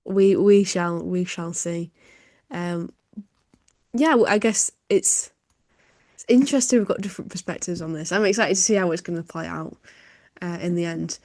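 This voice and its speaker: A woman co-hosting a review podcast, easygoing and agreeable with hesitant fillers. Her voice is a little low. The sound is close and dry. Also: normal speed, darkish tone, no room sound. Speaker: podcast co-host. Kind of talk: casual review chat.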